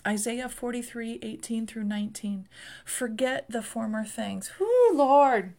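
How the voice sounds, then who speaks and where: A woman preaching with fervor, her voice sitting a little high. She reads scripture and repeats key phrases, pressing them home with rising passion. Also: vocal fry, a little mellow. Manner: fervent, repeats phrases and rises into passionate exhortation. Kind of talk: sermon.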